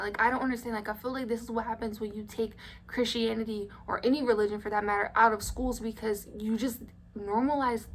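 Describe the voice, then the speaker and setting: A woman's voice: on the high side, fairly bright tone, a little hiss or hum. A young adult woman telling a story-time vlog in a blunt, indignant way, swearing freely. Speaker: vlogger.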